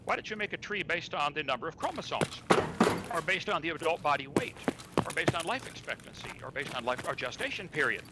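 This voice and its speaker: Argumentative man over loud gunfire. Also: a little high, animated, fast, heavy background noise. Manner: argumentative, rhetorical questions. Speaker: debater. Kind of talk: debate argument.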